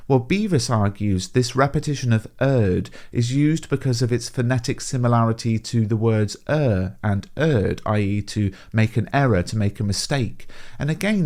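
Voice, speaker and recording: A man of middle pitch gives a scripted poetry revision lesson. He speaks clearly and at a measured pace, and he leans on the key words as he explains. The delivery sounds like a teacher working through an exam topic. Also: darkish tone. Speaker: English teacher.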